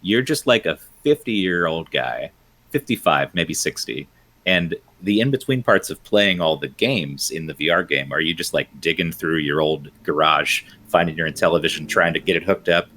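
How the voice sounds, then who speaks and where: A man co-hosting a live gaming podcast, riffing in quick, joking bits. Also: a bass voice, lively intonation, sharp tone. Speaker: podcast co-host. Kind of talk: casual gaming podcast chat.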